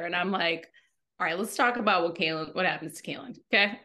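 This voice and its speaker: A woman's voice: on the low side, fast, bright, forceful tone. A woman co-hosting a podcast in casual chat, talking animatedly and acting out her own inner voice. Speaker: podcast co-host.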